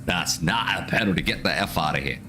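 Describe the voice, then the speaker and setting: Brief: male streamer, lowish voice, fired-up football reactions, repeats lines for emphasis. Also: brisk, background noise. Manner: excitable, ranting, repeats himself. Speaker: watch-along streamer. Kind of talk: live football reaction commentary.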